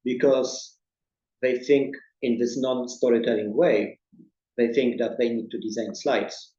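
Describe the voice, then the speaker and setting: A man's voice: medium pitch, fairly even intonation, measured pace, dark tone. A man answering audience questions in a webinar, thoughtful and restarting his words, recorded in a roomy space with dull sound. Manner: thoughtful, repeats words at starts. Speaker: presentation designer.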